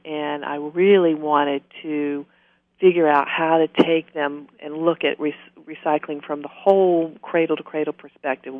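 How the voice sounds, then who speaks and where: A woman's voice: sits low, dry recording. Woman, slight southern accent, talkative guest, dull lo-fi dry sound. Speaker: interview guest. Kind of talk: conversational interview.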